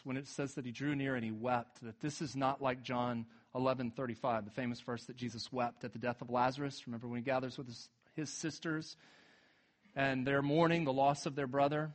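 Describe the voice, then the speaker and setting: A man preaching a sermon, retelling scripture casually and swinging from emphatic peaks to low, quiet moments. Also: normal speed. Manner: animated, builds to emphatic peaks then drops low and quiet. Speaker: pastor.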